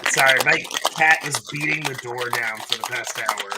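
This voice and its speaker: A man's voice: mid-range voice, normal speed, heavy background noise. A man co-hosting a cocktail livestream, chatting casually with frequent ums and giggles. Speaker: bartender co-host.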